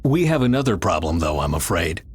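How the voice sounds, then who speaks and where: A guarded scientist in a video game, with a slightly husky voice. He speaks calmly but keeps probing, his pitch moving freely. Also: a little fast, heavily acted. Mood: wary. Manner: calm, probing. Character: guarded male scientist, a doctor. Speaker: doctor.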